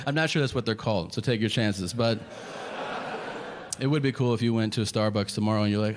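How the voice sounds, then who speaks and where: A man doing stand-up, telling a story in an exasperated, incredulous, profane way, his voice jumping high in disbelief. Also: quick pace, crowd noise, background noise. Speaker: stand-up comedian. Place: comedy stage with a laughing audience. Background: audience laughter.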